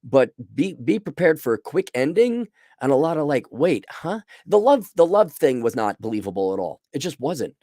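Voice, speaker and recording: Middle-aged male host for a casual livestream review: blunt and rambling, lively pitch, dry close sound. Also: normal speed, no room sound. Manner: rambling, blunt, restarts mid-sentence. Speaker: show host reviewing a series.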